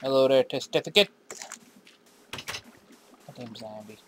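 A man's voice: mid-range voice, measured pace, a bit bright, a little hiss or hum. A man hosting his own game series in casual commentary, rambling, swearing freely and talking back to the characters on screen. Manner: drifts into random put-on accents.

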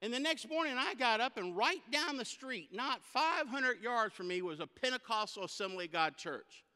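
Male guest preacher, comic storyteller, high bright tone, long hall reverb. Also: animated, normal speed. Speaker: guest speaker. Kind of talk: humorous sermon storytelling. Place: church sanctuary.

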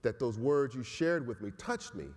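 Gentle-giant male inmate, put on by a man, earnest street talk, slightly raised voice, hall echo. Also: medium pitch, lively intonation, moderate pace, close to an everyday voice. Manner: casual street talk, calls everyone man. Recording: echoey hall.

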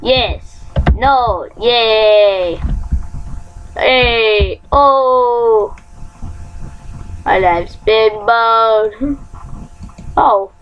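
A woman giving live gameplay commentary, chatty and excitable, breaking into gleeful sound effects and sing-song noises. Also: a little high, extremely slow, pauses often. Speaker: gamer. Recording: lo-fi recording with faint hum.

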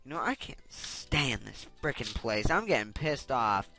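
A man's voice: medium pitch, very animated, unhurried, gravelly, pushed and bright. A young man giving casual gameplay commentary, getting frustrated and swearing as he rants. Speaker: Let's Play commentator. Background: game music.

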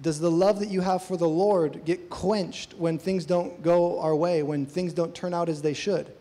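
A man preaches at a church service in a fairly high, mellow voice. He speaks earnestly and presses his listeners with questions. The sound carries a long reverb, as in a large hall. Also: steady tone, a little slow. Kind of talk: sermon.

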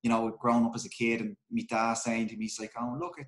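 A middle-aged man with an Irish accent recounts his playing days in a relaxed, unscripted way. He swears freely and trips over his own restarts, and his voice sits at an ordinary middle pitch. The room gives it a noticeable echo. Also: fast talker. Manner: candid, swears freely, many restarts and fillers. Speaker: guest, former footballer. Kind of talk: casual storytelling interview. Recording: roomy echo.

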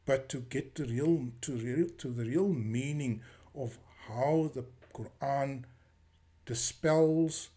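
A man giving an impassioned religious lecture, challenging his critics, slowing down to stress key words and reciting verses quickly. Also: medium pitch, dark tone. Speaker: religious commentator.

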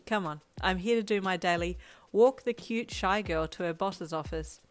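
A woman's voice: on the low side, moderate pace, no echo, close to an everyday voice. Woman playing Hawks, cocky flirtatious winged hero. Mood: flirty. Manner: teasing, smug and playful.

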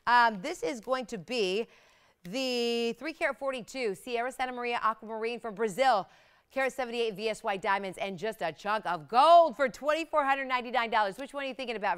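A woman hosting live jewelry sales, talking in fast, excited hard-sell patter. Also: fairly high pitch, clear, resonant tone. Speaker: shopping channel host.

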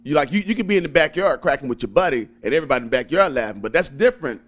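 A young man with a Southern accent from Alabama, a stand-up comedian chatting in an interview, laid-back and quick to chuckle. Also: fairly high pitch, expressive. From Birmingham, Alabama. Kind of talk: casual interview chat.

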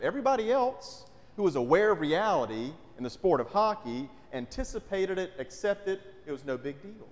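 A pastor from North Carolina, preaching a conversational sermon and often asking "right?". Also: male voice, on the high side. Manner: conversational, frequent rhetorical "right?". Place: church sanctuary. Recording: long church reverb.

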